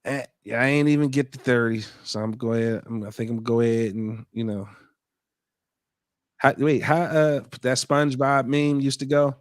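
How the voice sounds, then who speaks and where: A man's voice: medium pitch, normal speed, no echo, clean studio sound. A man hosting a podcast live stream, chatting casually, reading out viewer comments and joking around with loose, profane banter. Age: adult father. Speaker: podcast host.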